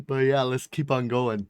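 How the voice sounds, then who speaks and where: A man's voice: mid-range voice, smooth, no room sound. A man hosting a reaction video, chatting casually and chuckling as he comments. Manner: relaxed, chuckling, rambling.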